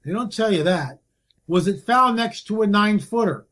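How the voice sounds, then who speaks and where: Male guest researcher with a high voice, emphatic and impassioned in conversation. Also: expressive, normal speed, fairly bright tone. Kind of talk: casual conversation.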